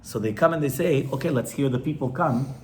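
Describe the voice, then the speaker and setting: A man's voice: mid-range voice, brisk. A man, a rabbi, teaching an informal class to a live audience in a conversational way, often stopping to ask his listeners questions.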